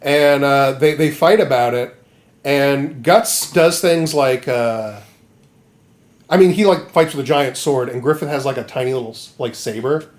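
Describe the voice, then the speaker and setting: A man co-hosting a comedy podcast, retelling a story with lively jokes and goofy voices. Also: medium pitch, unhurried. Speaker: podcast co-host. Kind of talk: comedic casual chat.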